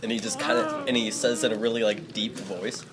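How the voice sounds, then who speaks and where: A man narrating as game master in a tabletop role-play, relaxed and full of fillers. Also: fairly low pitch, quick pace. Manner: relaxed, laughing, hedging fillers. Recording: noisy home recording.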